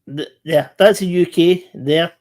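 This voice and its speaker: A man's voice: a little high, measured pace, darkish tone. A British man hosting a casual chat, eager to jump in with his own comments and tips. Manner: chatty, eager interjections. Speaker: host.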